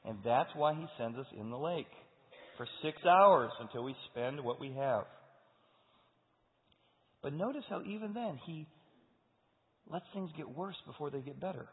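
Animated preacher in an echoing hall. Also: male voice, on the high side, a little slow, long pauses. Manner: animated storytelling, acting out characters. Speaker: pastor. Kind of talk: sermon. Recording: echoey hall over a tinny phone-like line.

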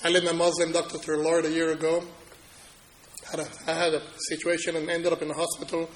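A man preaching a sermon, telling personal stories and moving from loud proclaiming to quiet, low-key telling. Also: completely flat delivery, fast talker, slight background noise, poor audio. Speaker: pastor.

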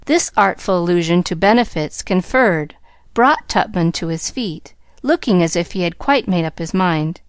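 A woman reading a classic novel aloud as an audiobook narrator, clear and measured. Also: on the low side, animated, no echo, clean studio sound. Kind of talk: storybook narration.

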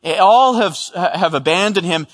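A man preaching to a congregation in a big church sanctuary, and his bright, forceful voice rings out with a long hall reverb. He speaks in a fairly high register, earnest and emphatic, often doubling back over a word before pressing on. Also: lively intonation, measured pace. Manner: earnest, emphatic, with frequent restarts and repeated words. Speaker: pastor. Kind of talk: expository sermon.

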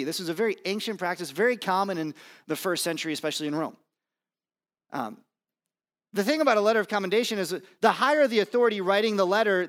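A man preaching a sermon to his congregation in a conversational, self-deprecating way, with fillers and pauses. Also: high voice, fairly bright tone. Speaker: pastor. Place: church campus.

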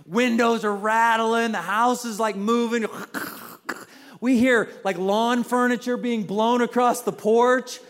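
Man, pastor, fairly high voice, conversational sermon, acts out quotes. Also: steady tone, slow. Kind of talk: sermon with personal story.

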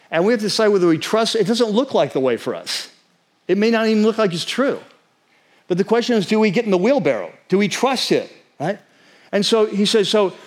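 A man with a fairly high voice delivers a sermon as the pastor. He talks in an earnest, conversational way, often asking his listeners "right?" He slows down to spell out and stress key words.

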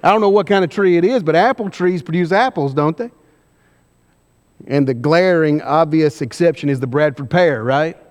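A man preaching a sermon, pressing the congregation with repeated questions and slowing down for emphasis. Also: a little high. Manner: emphatic, questioning the congregation, varying pace widely. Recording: long hall reverb.

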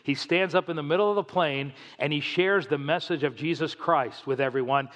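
A man preaches a sermon from the pulpit, telling stories with animation and acting out the voices of the people he quotes. His voice sits a little high. It rings with the long reverb of a church sanctuary. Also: moderate pace, a bit bright, lo-fi sound. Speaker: pastor.

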